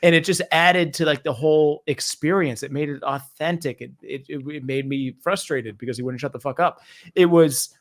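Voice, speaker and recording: A man hosting a movie review podcast, telling stories in a lively, profane, casual way and mimicking people. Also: fairly high pitch, moderate pace. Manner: animated, profane storytelling with mimicry. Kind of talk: casual chat.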